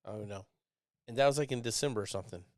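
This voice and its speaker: A man's voice: on the low side, rapid-fire, darkish tone, no echo, studio quality. A man, telling a rambling, profane story on his live show and mimicking neighbors in raised voices.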